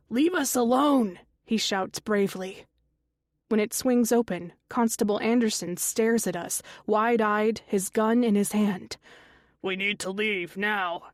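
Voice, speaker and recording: A woman narrates a suspense audiobook at a slow, deliberate pace. Her voice sits at an ordinary pitch and sounds dry and close, with no room around it. She raises her pitch when voicing the quoted characters. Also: a little mellow, no echo. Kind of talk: scripted narration.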